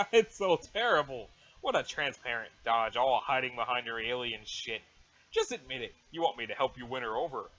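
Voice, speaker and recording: A man voicing a cocky, deadpan teenage boy who talks in swaggering slang, on a dull lo-fi mic. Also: mid-range voice, normal speed, pitched below the performer's own voice, close to an everyday voice.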